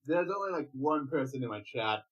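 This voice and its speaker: A man from Wales, chatting casually as a guest streamer in an easygoing, halting way. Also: mid-range voice, lively intonation, breathy edge, dull audio.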